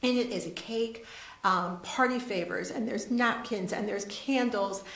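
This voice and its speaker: A woman's voice: medium pitch, unhurried, vocal fry, fairly bright tone. A woman with a lilt tells stories animatedly, acting out the voices of the people in them. Her voice sits in a middle range for a woman. The room has a noticeable echo. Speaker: charity CEO guest. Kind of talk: animated storytelling on a talk show.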